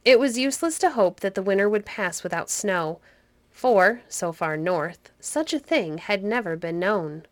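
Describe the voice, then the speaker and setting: A woman's voice: mid-range voice, animated, unhurried, dry recording. Woman narrating a storybook, dry and close.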